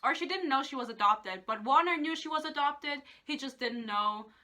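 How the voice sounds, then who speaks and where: A woman's voice: high voice, lively intonation, normal speed, sharp tone. A woman in a casual book rant, exasperated, swearing often and laughing between points. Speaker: book reviewer.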